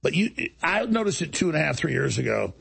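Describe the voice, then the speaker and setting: A man's voice: a little high, very animated, quick pace, creaky, a bit bright, breathy edge. A man hosting a talk show, delivering an indignant monologue and acting out other people's lines as he tells the story. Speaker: show host.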